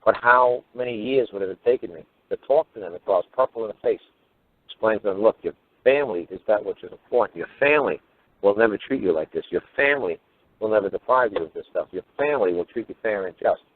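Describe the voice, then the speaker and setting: A man's voice: on the low side, expressive, quick pace, no room sound. A man giving a profane, heated radio monologue as a talk show host. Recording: phone-line radio audio.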